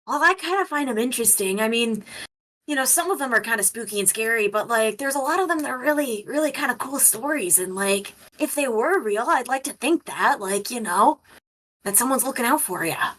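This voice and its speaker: A woman's voice: on the high side, lively intonation, fairly quick, fairly bright tone. Woman doing a laid-back, rambling young guy. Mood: easygoing. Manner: casual, rambling, lots of fillers.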